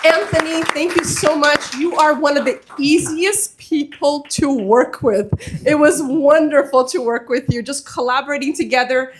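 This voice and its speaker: A woman's voice: high-pitched, moderate pace, crowd noise, noisy background. A woman speaking as a community organizer at a mosque event, heartfelt and earnest, rising to urgent appeals to the audience. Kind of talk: impassioned speech to an audience.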